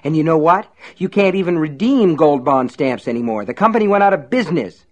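A man reading aloud and voicing a dazed, hot-tempered small-town man who talks in a thick, rough way. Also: medium pitch, moderate pace, natural voice. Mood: furious. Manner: thick, sleepy, then furious.

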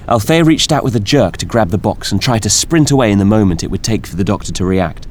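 A man narrates an audiobook in a low voice that rises and falls with lively expression. His reading is measured and storytelling, with a faint hiss of noise underneath. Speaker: audiobook reader. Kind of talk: scripted narration.

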